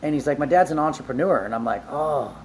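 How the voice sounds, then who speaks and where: Dude telling his story on a podcast, kinda high voice, talks fast and loose, swears, faint hiss behind. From Southern California. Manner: animated, scrappy, swears casually, lots of "like" fillers. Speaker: entrepreneur guest. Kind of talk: casual storytelling interview.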